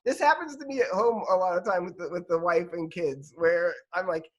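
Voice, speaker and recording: A man's voice: high voice, a little fast, fairly bright tone. A man co-hosting a podcast, chatting casually about football in a rambling, self-deprecating way. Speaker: podcast co-host.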